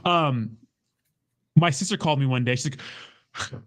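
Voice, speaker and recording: An excitable man co-hosting a casual podcast chat, swearing freely and getting loud when he tells a story. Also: a little high, measured pace, pauses often. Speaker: podcast co-host.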